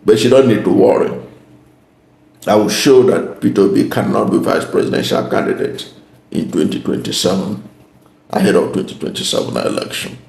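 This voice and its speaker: A man hosting his channel, delivering a political commentary monologue in a deliberate, emphatic way and repeating his key points. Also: lowish voice, vocal fry, a little mellow. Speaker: channel host. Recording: roomy echo.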